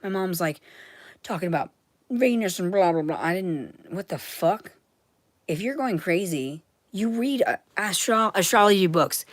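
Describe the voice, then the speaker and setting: Frantic, profane woman, low voice, dry. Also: animated, unhurried, no echo. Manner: profane, swings between loud ranting and hushed whispers. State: agitated, frantic. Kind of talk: rambling monologue to camera.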